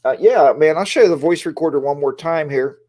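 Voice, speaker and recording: A man's voice: a little high, a little fast, darkish tone. A man hosting a casual livestream, talking in a rambling, chatty way and greeting viewers by name, on a lapel mic in a home studio. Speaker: livestream host.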